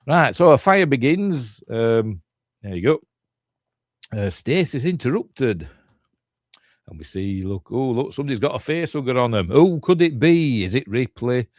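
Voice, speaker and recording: A man's voice: mid-range voice, big pitch swings, moderate pace, no room sound, clean studio sound. A man with a Yorkshire accent giving a rambling, chatty running commentary over a film as host, full of loose asides and chuckles. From Yorkshire, England.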